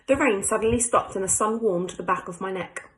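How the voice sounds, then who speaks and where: A woman's voice: mid-range voice, brisk, poor audio. A young woman teacher reading a class book aloud, stopping to ask her pupils questions in a chatty way. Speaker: primary school teacher.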